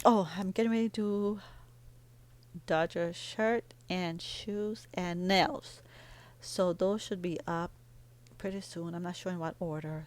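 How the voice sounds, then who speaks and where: A middle-aged woman vlogging in a casual, rambling way, telling a heartfelt family story while doing her nails. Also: on the low side.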